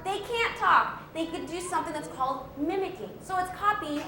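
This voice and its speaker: High-voiced woman teaching kids about animals. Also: lively intonation, fairly quick, sharp tone, reverberant, a little hiss or hum. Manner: upbeat, asks the audience questions, laughs often. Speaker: wildlife educator. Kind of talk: live animal presentation to an audience of children.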